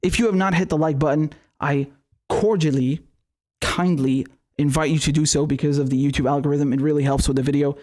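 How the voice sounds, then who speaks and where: A man's voice: a little high, steady tone, a little fast, darkish tone. A man hosting a live-streamed political commentary show, ranting in a heated, profane way.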